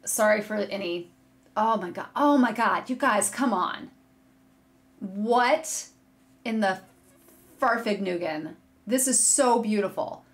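A woman hosting a knitting video podcast from a room at home, chatting casually and gushing excitedly to viewers as she shows yarn. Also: medium pitch, takes it slowly, pauses often. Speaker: podcast host. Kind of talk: casual chat showing yarn on camera. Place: home room with a curtain behind her. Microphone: desk setup facing a monitor.

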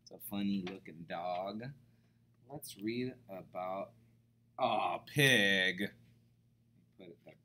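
A man reading a picture book aloud to children, expressive and pausing to explain words. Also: sits low.

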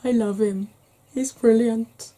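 A Welsh woman chatting frankly in a soft-spoken ASMR vlog, rambling with fillers. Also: fairly high pitch, fairly even intonation, slow. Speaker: ASMR vlogger.

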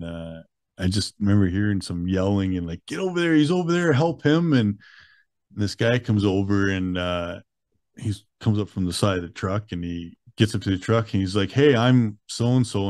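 A man in his thirties, a guest telling a story in a relaxed way, often chuckling. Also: deep voice, no room sound, clean studio sound. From Calgary, Canada. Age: 30s. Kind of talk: casual storytelling interview.

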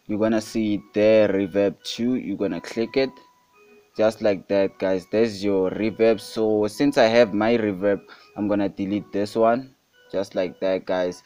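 A man's voice: fairly low pitch, steady tone, unhurried, warm tone, faint music behind. A young man from South Africa hosting a casual beat-making tutorial, repeatedly calling things super hot and saying guys. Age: young adult. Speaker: music production tutorial host. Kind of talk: casual screen-recorded tutorial. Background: beat playing underneath.

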